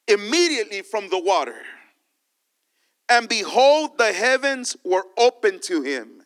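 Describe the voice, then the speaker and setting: A man's voice: very high-pitched, sharp tone, clear, resonant tone. A man preaching a sermon as pastor, repeating his points and calling out to the church.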